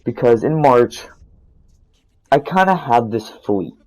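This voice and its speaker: A man's voice: medium pitch, animated, takes it slowly, darkish tone, poor audio. A teenage boy telling a rambling, profane story over gameplay, restarting his sentences often. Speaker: gaming storytime narrator.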